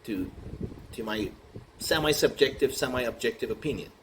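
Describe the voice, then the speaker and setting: A man riffing through an improvised comic monologue, rambling and halting with many fillers and restarts. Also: medium pitch, expressive. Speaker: comedian. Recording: noisy recording with room ambience.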